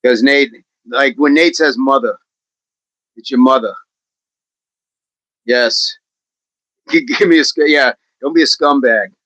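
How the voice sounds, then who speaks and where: A man's voice: medium pitch, a little slow, sharp tone, no room sound, poor audio. A middle-aged man hosting a livestream, chatting casually, reading viewers' comments, laughing often and repeating phrases playfully. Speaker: livestream host.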